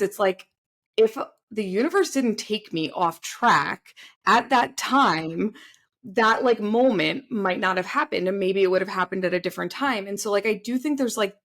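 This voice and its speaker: A woman in her thirties co-hosting a podcast, talking in a relaxed, reflective way with many fillers. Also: medium pitch. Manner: conversational, filler-heavy, reflective. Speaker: podcast co-host. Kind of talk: casual chat.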